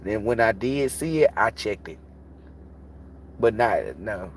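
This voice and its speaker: A man's voice: lowish voice, animated, slow pace, slight background noise. A man who reads tarot, talking bluntly and casually on a livestream and preaching about energy with plenty of swearing. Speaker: tarot reader.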